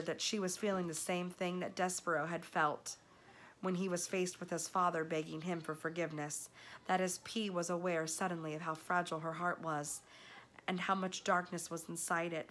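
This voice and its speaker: A woman reading a chapter book aloud with measured, expressive narration. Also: on the low side, slight background noise. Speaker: storybook reader.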